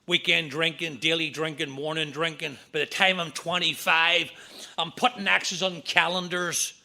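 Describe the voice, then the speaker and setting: A middle-aged man with a Northern Irish accent telling his recovery story at a meeting, with quick jokes and punchlines. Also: high-pitched, creaky, bright, forceful tone. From Northern Ireland. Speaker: AA speaker.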